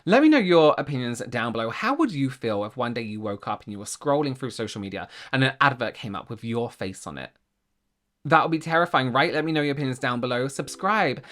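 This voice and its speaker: A man's voice: mid-range voice, animated, fairly quick, a bit bright. A man hosting a reaction video, rambling and cutting himself off as he chats to camera. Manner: rambling, self-interrupting, laughs often. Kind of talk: casual commentary to camera.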